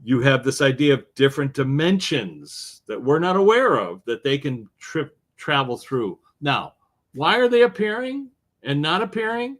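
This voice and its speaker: A man being interviewed as an author, telling stories in an animated way with wide swings in his voice. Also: fairly high pitch, normal speed. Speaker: author and guest. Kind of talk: interview conversation.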